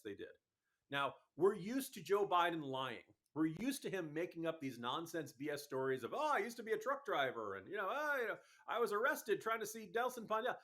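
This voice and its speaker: A man with a voice pitched a little above the usual male range, talking as a radio guest. He presses his points quickly and emphatically, with an exasperated edge that runs through the whole conversation. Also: a bit bright. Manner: fast, exasperated, emphatic argument. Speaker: political commentator guest. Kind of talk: talk radio interview.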